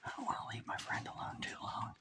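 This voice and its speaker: An urban explorer whispering a rambling walk-through narration inside a large abandoned mill. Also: quick pace. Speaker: urban explorer and video host.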